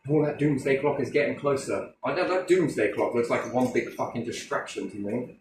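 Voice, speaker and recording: Man, mid-pitched, blunt and sweary, rambling rants; distant mic in an echoey room. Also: brisk, noisy background. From Britain. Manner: swears heavily, rambling, full of rhetorical questions. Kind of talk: casual conversational rant. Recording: roomy echo from a distant mic.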